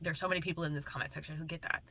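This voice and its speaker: Bright-voiced young woman chatting playfully. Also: low voice, steady tone, racing, vocal fry, no room sound. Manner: loose and playful, drifting between tender comfort and profane rants. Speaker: vlogger. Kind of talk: casual heartfelt chat to camera.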